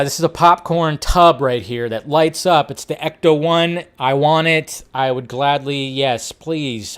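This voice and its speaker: A man's voice: mid-range voice, fairly bright tone, clean tone. A man hosting a casual film news show, chatting loosely and breaking into bursts of disbelief. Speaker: host.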